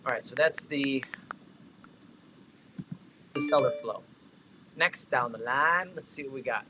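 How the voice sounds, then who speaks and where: A man hosting a casual livestream, walking viewers through real estate tech tools with energetic, chatty asides. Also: mid-range voice, measured pace, noisy background. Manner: energetic, talkative, shout-outs and asides.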